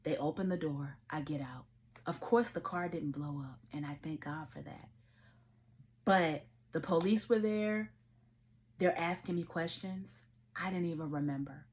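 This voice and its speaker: A woman's voice: sits low, measured pace, darkish tone. A woman hosting her own show, telling a personal story in an earnest, emotional way. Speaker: show host. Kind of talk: personal testimony vlog.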